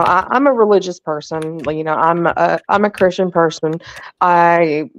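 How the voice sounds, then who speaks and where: A woman in her forties, a guest in casual chat, blunt and quick to laugh and swear. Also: fairly low pitch, dull audio.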